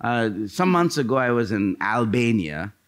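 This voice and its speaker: A middle-aged man from India, preaching a sermon in a church as a guest missionary speaker, telling stories and acting out what people said. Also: normal speed. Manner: animated storytelling, acting out quoted voices, pitch leaping up. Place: church sanctuary.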